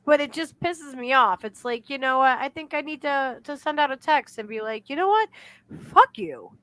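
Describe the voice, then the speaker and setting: Blunt, bright-voiced woman co-host. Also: sits high, moderate pace, no echo. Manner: blunt, indignant, swearing freely. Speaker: podcast co-host. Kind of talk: casual chat.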